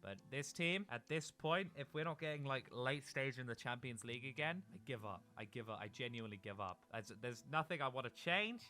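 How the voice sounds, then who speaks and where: A young man giving swearing, excitable commentary while playing a football video game, swinging from loud outbursts to quiet muttering. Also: mid-range voice, a little fast, hardly any pauses, faint music behind. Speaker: gaming YouTuber.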